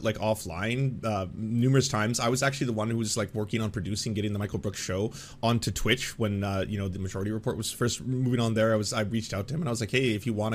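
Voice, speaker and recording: A man from Canada hosting a livestream, talking casually in a rambling, profane way with frequent restarts. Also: lowish voice. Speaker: livestream host. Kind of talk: casual commentary.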